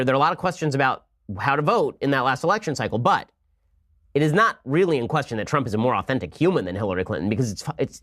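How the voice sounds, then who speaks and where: A man hosting a political commentary show, arguing in a sarcastic, rapid-fire way. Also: mid-range voice, fairly bright tone. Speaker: podcast host.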